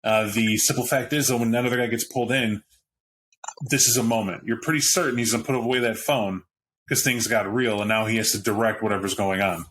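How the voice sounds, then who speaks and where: Man, game storyteller, bright forceful tone, chuckling narration, faint hiss behind. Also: lowish voice, brisk. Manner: lively, chuckling, jumps into character voices. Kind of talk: narrating a tabletop role-playing game.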